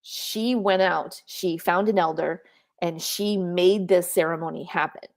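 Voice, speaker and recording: A middle-aged woman co-hosting a casual podcast chat, lively, often acting out quotes in playful voices. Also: lowish voice, unhurried, gravelly. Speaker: podcast co-host.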